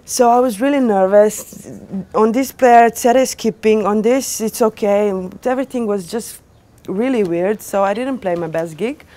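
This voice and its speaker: Animated young woman telling a DJ story. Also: mid-range voice, unhurried. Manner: animated, acts out quoted dialogue; non-native English with small grammar slips. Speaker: DJ giving a lecture. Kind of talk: storytelling talk to an audience.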